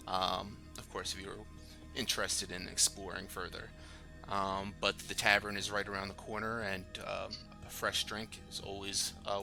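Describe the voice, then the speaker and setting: A man narrating a tabletop game as game master, halting with lots of fillers. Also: fairly low pitch, vocal fry, sharp tone.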